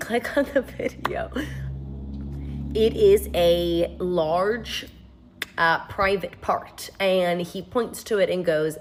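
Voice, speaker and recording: A woman telling a casual storytime with wry, deadpan asides and animated quoted replies. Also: mid-range voice, measured pace.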